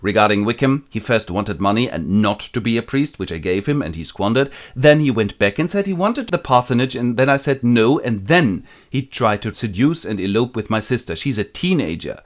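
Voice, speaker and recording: A man voicing a proud, rich young gentleman who speaks stiffly and formally. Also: mid-range voice, lively intonation, normal speed, few pauses, lightly acted. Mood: explaining. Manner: stiff, formal, matter-of-fact.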